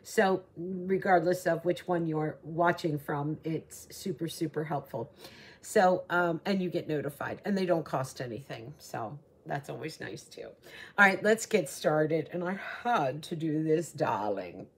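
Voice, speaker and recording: A woman's voice: low-pitched, a little slow, breathy edge. A woman hosting her own jewelry show, talking in a chatty, gushing way with many fillers. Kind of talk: casual jewelry showcase talk.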